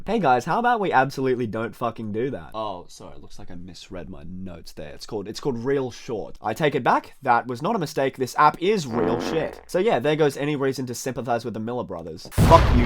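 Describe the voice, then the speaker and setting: A man reviewing a film with sarcastic, profane, exasperated commentary. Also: medium pitch.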